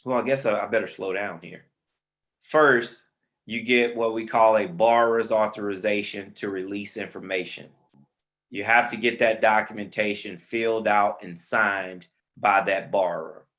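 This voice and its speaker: A man's voice: on the low side, steady tone, moderate pace, a bit bright. A man teaching a real estate webinar on a video call, informal and friendly, calling listeners man and brother. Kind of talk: online webinar instruction.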